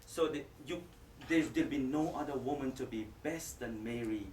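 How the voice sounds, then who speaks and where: A man's voice: medium pitch, moderate pace, darkish tone, slight background noise. A man preaching to a live audience, joking and speaking to the listeners directly. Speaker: Islamic preacher. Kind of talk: lively lecture to a live audience. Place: lecture hall with audience. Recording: echoey hall, distant mic.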